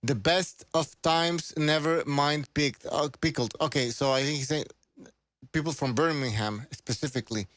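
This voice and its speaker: A man hosting a casual livestream podcast, hyper and loud, repeating himself often. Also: fairly high pitch, normal speed, dry recording. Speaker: podcast host.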